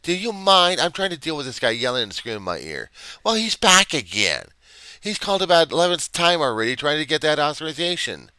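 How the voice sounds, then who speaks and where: A man's voice: on the high side, big pitch swings, fairly quick, sharp tone, clean tone, no echo, voice pushed up. A man voicing a bored, dismissive insurance authorization clerk who talks down to a caller in a sarcastic tone. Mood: snippy.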